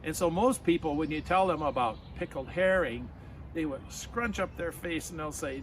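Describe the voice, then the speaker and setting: A man with a slightly high voice tells a friendly story outdoors in a backyard. Faint traffic and street sounds hum in the background of the recording. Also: normal speed. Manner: friendly, leads a clap-along. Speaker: storyteller and folk musician. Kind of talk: storytelling to children.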